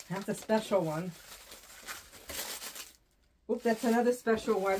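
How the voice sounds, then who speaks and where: A woman's voice: medium pitch, a little slow, long pauses, background noise. A woman from Southern New Hampshire, chatting casually as she unboxes wreath ribbon, rambling and repeating her phrases. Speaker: wreath designer and vlogger.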